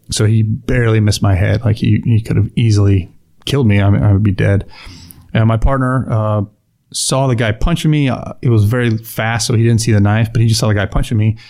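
A man's voice: fairly low pitch, gravelly, dark tone. A middle-aged man, a police officer, recounting an incident in an interview with frequent restarts and quoted lines. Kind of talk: storytelling interview.

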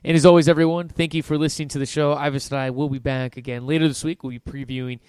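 A man's voice: a little high, fairly even intonation, fast talker, darkish tone, clean tone, dry recording. A man co-hosting a soccer podcast, joking about himself and wrapping up the show. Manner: self-deprecating, joking. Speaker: podcast co-host. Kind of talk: casual chat.

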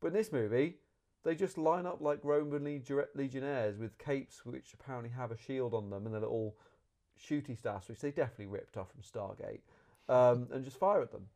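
A man reviews a film in loose, casual chat. He is animated and rambles, often stopping mid-sentence to rephrase. His voice is dark and mellow. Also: mid-range voice, fairly quick. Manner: rambling, animated, self-correcting.

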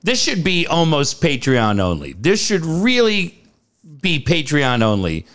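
Male podcast co-host with a fairly high voice and lively pitch. Upbeat, rambling promotional delivery. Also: unhurried. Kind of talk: casual sports podcast chat.

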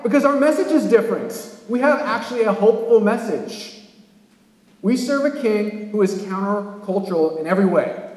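A high-voiced man from California preaches to his congregation, rising sharply on his key points. His voice rings through a roomy church sanctuary with a long, lingering reverb. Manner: animated preaching with sudden emphatic rises. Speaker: pastor. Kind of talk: sermon. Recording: echoey church hall.

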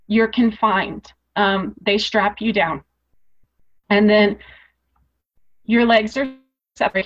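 A woman telling her own story as a guest in an interview. She speaks earnestly and emotionally, repeating phrases for emphasis. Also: medium pitch. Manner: emotional, rising intensity. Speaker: podcast guest. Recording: dull lo-fi podcast audio.

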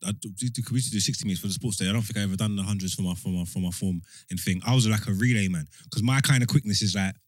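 A man's voice: fairly low pitch, very fast, hardly any pauses, no room sound. A young man, chatting casually and laid-back in slang. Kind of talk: casual chat.

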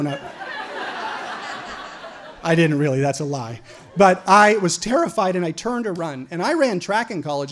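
A man from Idaho tells a true story from his own life to an audience. His voice sits a little on the high side. He is lively and swears freely, and he often stumbles into repeated words before pressing on. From Idaho, USA. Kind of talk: personal story told to an audience.

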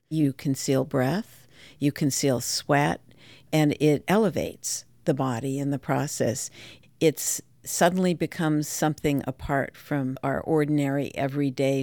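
A woman with a very low voice speaks slowly and reflectively as a dance scholar being interviewed. The sound is dry and close, with no room around her. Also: a little mellow, no room sound. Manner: thoughtful, reflective explanation.

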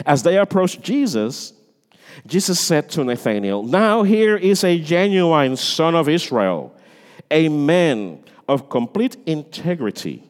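A male pastor delivers his sermon with a lively, rising and falling voice and a fairly high pitch. He swings dramatically between loud declarations and hushed, near-whispered lines. The sound rings with the long reverb of a church sanctuary. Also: unhurried.

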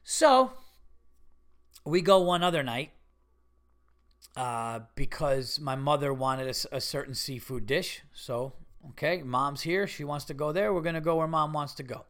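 A man hosting a podcast, telling a casual story in an animated way, swearing freely and rising into indignant bursts. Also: fairly high pitch, unhurried. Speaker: podcast host.

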